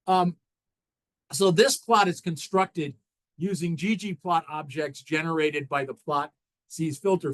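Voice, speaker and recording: A man's voice: a little high, low-quality recording. Man presenting slides at a seminar. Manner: halting, frequent restarts and fillers while walking through slides.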